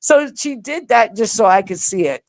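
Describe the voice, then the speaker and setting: A woman telling a personal story as an interview guest, animated, acting out other people's lines and laughing often. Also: fairly high pitch, moderate pace. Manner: animated, acts out quoted voices, laughs often. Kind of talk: casual storytelling.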